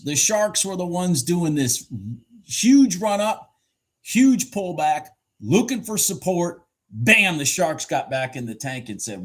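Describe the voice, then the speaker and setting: Excitable husky man trading live. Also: on the high side, unhurried. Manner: excitable, swears casually, talks to himself. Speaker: futures trader streaming live.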